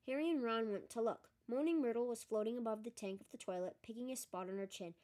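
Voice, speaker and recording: A woman narrating an audiobook with steady, measured reading. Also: fairly high pitch. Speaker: audiobook reader. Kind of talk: storybook narration.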